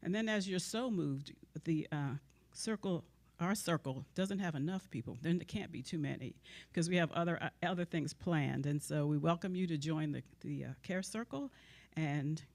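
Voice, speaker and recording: A woman's voice: sits low, moderate pace, few pauses, a little mellow. An older woman making a church announcement, slightly out of breath. She is chatty and jokes about herself. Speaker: care circle member making an announcement. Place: church service.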